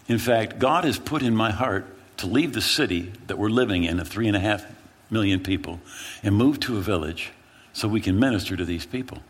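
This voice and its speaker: A male pastor preaching a sermon, telling a story in an animated, dramatic way with repeated phrases. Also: on the low side, breathy edge.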